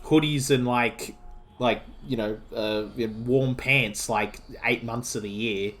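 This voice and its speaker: A man's voice: mid-range voice, steady tone, slow, fairly bright tone, faint music behind. A man with an Australian accent streaming a video game, chatting casually and rambling with lots of filler words and restarts. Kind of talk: casual chat while playing a game.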